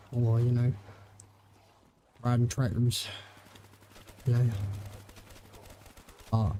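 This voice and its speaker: Young english guy streaming, super mellow dark voice, rambly and chill. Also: mid-range voice, little pitch movement, takes it slowly, long pauses. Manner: rambling and laid-back, with many fillers. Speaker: gaming livestreamer. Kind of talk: casual chat while streaming.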